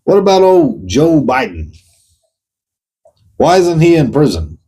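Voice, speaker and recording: A man's voice: on the high side, sing-song, takes it slowly, warm tone, breathy edge, rough recording. A man hosting his own show, venting in a blunt, profane monologue and firing pointed questions straight at the person he is addressing. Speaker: host. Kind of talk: ranting monologue.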